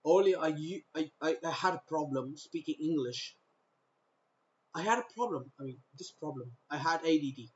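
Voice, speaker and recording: A man's voice: a little high, moderate pace, muffled recording. A man from North India giving a rambling monologue to the camera, often repeating himself and starting sentences over. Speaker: vlogger.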